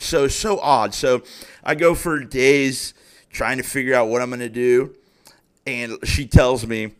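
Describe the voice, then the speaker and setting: A man's voice: mid-range voice, measured pace, clear, resonant tone. A young man hosting his own podcast, telling stories and giving opinions in a casual rant full of swearing and exasperated outbursts. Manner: heavy profanity, animated and exasperated storytelling. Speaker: podcast host.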